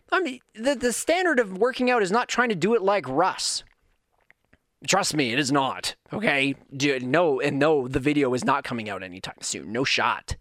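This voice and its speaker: A man talks to his stream audience in a casual, motivational way, his slightly high voice swooping and climbing when he presses a point. The sound is dry and close, with no room around it. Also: normal speed, no room sound. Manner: animated, voice leaps up high when emphatic. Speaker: streamer talking to his chat. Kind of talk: casual motivational talk with anecdotes.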